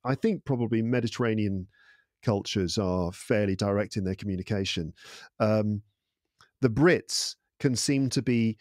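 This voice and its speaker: English guy guesting on a podcast, thoughtful and lively, mid pitch, dead dry sound. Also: no room sound. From England. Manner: thoughtful, animated storyteller. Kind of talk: casual interview chat.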